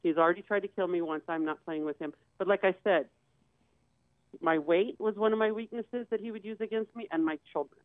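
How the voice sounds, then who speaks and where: Speaking a little fast in a mid-range voice, this woman guest recounts a dramatic story from her own life, vividly slipping into the voices of those she quotes. The recording is tinny and phone-like, with no room sound at all.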